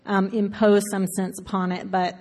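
A woman author from Alabama with a faint Southern accent, talking through her writing in a relaxed interview, full of fillers and quick laughs. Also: medium pitch. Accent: faint Southern American. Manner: chatty, frequent fillers and self-interruptions, laughs often. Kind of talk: conversational interview, thoughtful. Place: live event before an audience. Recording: reverberant hall.

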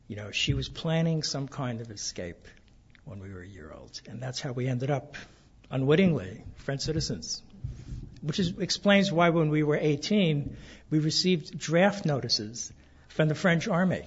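Husky older man telling family stories. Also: on the high side, animated, dull audio. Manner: soft-spoken, halting with many fillers. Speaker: author reading from his memoir. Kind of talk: casual storytelling then reading aloud.

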